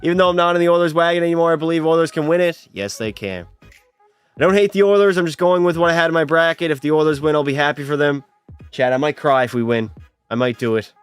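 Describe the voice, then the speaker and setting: A man's voice: fairly high pitch, fairly even intonation, quick pace, smooth, no room sound, faint music behind. A young man live-streaming a hockey video game, chatting and teasing his viewers as he plays. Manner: chatty, teasing, banters with chat.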